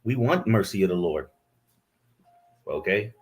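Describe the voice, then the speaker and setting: A man's voice: sits low, lively intonation, measured pace, soft background music. A man preaching a fiery sermon, scolding his listeners and reading scripture aloud into a camera he set up himself.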